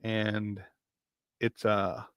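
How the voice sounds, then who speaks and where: A man hosting a casual sports talk show, excitable and repeating phrases for emphasis, reading off stat lines in quick lists. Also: lowish voice, no echo. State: doing burpees while talking.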